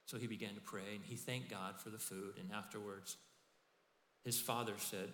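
Middle-aged male pastor, bright forceful delivery, animated sermon, echoey church hall. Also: on the low side, normal speed, slight background noise. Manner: animated, acts out quoted voices.

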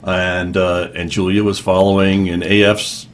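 A man's voice: low-pitched, little pitch movement, a little slow. A man hosting a casual interview, chatty with many fillers. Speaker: radio host.

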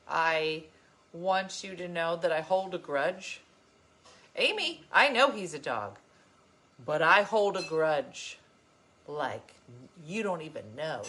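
A woman vlogger chatting casually to her viewers and reading their comments, telling stories with emphatic, animated delivery. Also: fairly low pitch.

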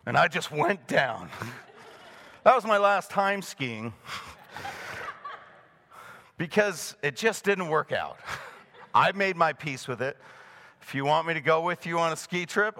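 Brief: middle-aged man, pastor preaching, high voice, chuckles through a story. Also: a little slow, pauses often. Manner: animated storytelling, chuckling often. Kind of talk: sermon with a personal story. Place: in front of a live congregation.

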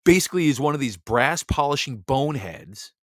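A man at mid pitch ranting hard into a close, dry microphone. He talks bluntly, doubles back on his words and repeats himself as the heat rises. He sounds like a show host giving his own impassioned monologue. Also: animated, brisk, fairly bright tone, no room sound. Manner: heated, blunt, stumbles and repeats words when worked up. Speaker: host of a Bible reading show.

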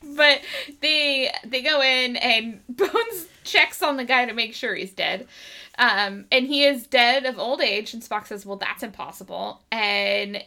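A woman's voice: on the high side, takes it slowly, sharp tone. A woman co-hosting a podcast, playful and jokey, laughing often as she recaps an episode. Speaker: podcast co-host. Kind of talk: casual chat recapping an episode.

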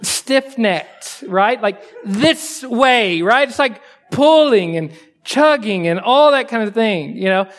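With a high-pitched, animated voice and a slow pace, a male pastor delivers a conversational sermon. Rhetorical questions go out to the congregation as he moves between quiet asides and loud, emphatic lines.

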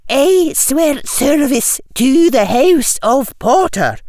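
A man's voice: very high voice, sing-song, takes it slowly, a little mellow, no echo, clean studio sound, voice pushed up, heavily acted. A man voicing a stern older woman professor with a Scottish accent, speaking firmly and with command. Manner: firm, commanding.

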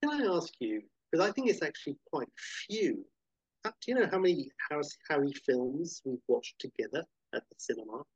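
Husky-voiced man in eager film chat. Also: on the high side, fairly quick, dry recording, lo-fi sound. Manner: enthusiastic, animated when retelling scenes. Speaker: podcast co-host.

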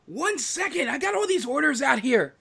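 A man voicing a brisk female human tavern bartender, firm and no-nonsense. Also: high-pitched, animated, pushed and bright, voice pushed up, exaggerated voice. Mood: busy.

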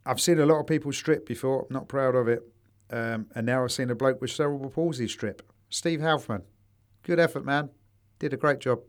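A man co-hosts a podcast, spinning anecdotes in a relaxed, sweary, joking manner. His voice sits at a middling pitch. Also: moderate pace. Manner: anecdotal storytelling, sweary and jokey. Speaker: podcast co-host. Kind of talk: casual chat.

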